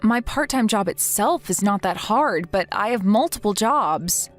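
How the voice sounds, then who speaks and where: A woman's voice: medium pitch, lively intonation, unhurried, faint music behind, close to an everyday voice. A woman voicing an exhausted, desperate young mother who speaks in an apologetic, pleading way. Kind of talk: text-message story read aloud.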